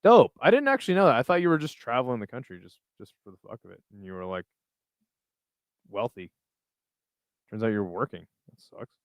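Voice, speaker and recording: Reading and reacting to viewer messages during a live chat, this man keeps a laid-back, profanity-heavy style. His medium-pitched voice is expressive and a little fast, broken up by long pauses. There's no room sound, though the audio is lo-fi.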